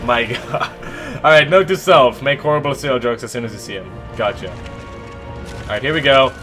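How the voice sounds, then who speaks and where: A man casts a live esports match and chats with his stream viewers. He talks in a loose, joking way and pokes fun at himself. His voice sits at an ordinary middle pitch for a man. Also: animated, moderate pace, fairly bright tone, soft background music. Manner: joking, self-mocking, chatty.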